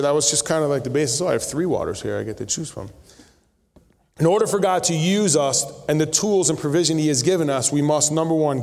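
A man's voice: fairly high pitch, darkish tone. Man preaching in a reverberant church. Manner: conversational preaching with storytelling asides. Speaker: pastor. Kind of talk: sermon. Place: church sanctuary. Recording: long reverb of a church hall.

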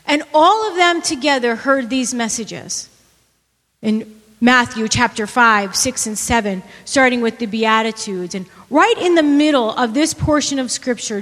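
High-pitched woman preaching in church, lots of "right? amen?", echo trailing in a big hall. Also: moderate pace, fairly bright tone. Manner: preaching with rhetorical questions and repetition. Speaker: pastor. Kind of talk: sermon.

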